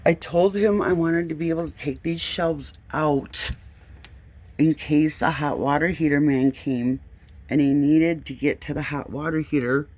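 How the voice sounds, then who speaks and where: A woman's voice: deep voice, measured pace, darkish tone. Annoyed lady showing off a botched closet on her phone, drawls along, cusses a bit. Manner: exasperated, swearing, pointing things out. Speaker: homeowner filming a complaint video. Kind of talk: casual walkthrough narration. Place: indoors, small closet in a home.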